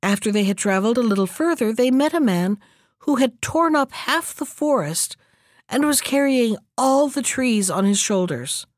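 Lively woman reading a fairy tale. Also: on the high side, normal speed, no room sound, clean studio sound. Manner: lively, expressive. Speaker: narrator. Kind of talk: storybook reading.

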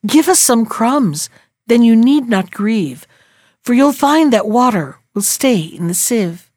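A woman's voice: a little high, expressive, takes it slowly, a little mellow, no echo, clean studio sound. A woman voicing a flock of small wrens that speak in a lilting rhyme in a fairy tale. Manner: lilting, rhyming. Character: chirping little wrens.

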